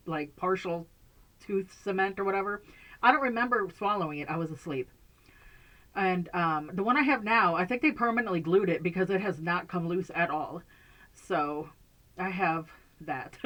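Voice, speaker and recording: A woman talks casually to her camera from a room at home. Her voice sits fairly low, and she rambles through fillers, restarts and little laughs. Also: a bit bright, low-quality recording. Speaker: vlogger.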